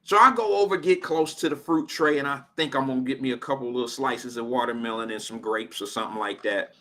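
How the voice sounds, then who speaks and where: An American man from Cincinnati hosting a radio drive-time show, telling a story in an animated, slangy way. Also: mid-range voice, fast. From Cincinnati, Ohio, USA. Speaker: radio host. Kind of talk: casual on-air storytelling. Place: radio studio.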